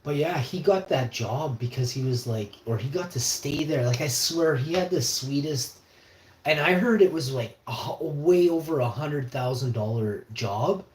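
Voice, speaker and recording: A man's voice: medium pitch, normal speed, slight background noise. A man hosting a livestream, telling a long, rambling story in a slangy way that often repeats itself. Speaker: livestream host. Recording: roomy echo.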